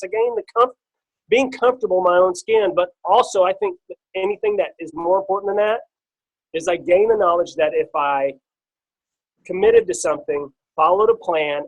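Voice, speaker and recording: Brief: middle-aged man, slightly high voice, casual rambling testimony on a team call. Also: poor audio. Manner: casual and storytelling, with many fillers and restarts. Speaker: guest speaker on a team call. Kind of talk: personal testimony on a conference call.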